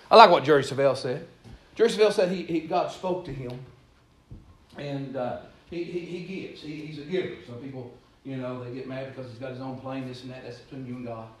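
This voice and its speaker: Storytelling preacher in an echoey hall. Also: male voice, mid-range voice, a little fast. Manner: storytelling, rambling, rising to loud exhortation. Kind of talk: sermon. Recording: echoey room, distant mic, faint noise.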